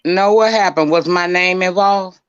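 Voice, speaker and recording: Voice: medium pitch, moderate pace, clean tone, dry recording. A caller in a casual chat, curious and sassy. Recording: dull lo-fi call audio.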